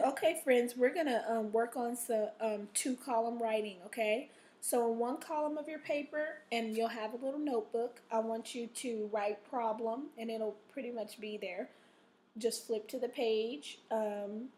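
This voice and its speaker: A woman's voice: on the high side, darkish tone. Upbeat woman teacher checking "okay?". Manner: encouraging, checks in with frequent "okay?". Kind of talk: recorded classroom video lesson.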